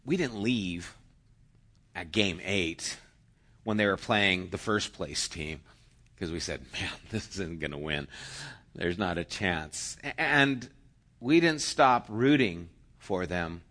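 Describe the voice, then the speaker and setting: Man, pastor, sermon, slow deliberate delivery, emphatic with cheering outbursts. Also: low voice. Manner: slow, emphatic preaching with sudden loud cheering bursts.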